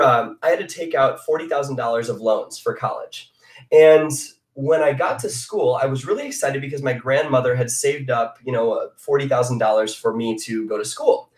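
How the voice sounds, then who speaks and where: Earnest man in a roomy, distant sound. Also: mid-range voice. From Chicago area. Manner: earnest, confessional, emphatic. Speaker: motivational speaker, former fitness coach. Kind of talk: personal story talk on a live online hangout.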